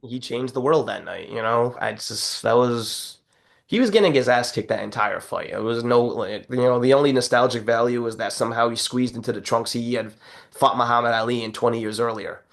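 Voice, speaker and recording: A man co-hosting a podcast in casual chat, telling stories with animated energy, acting out quotes and swearing freely. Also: medium pitch, fairly quick, creaky. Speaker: podcast co-host.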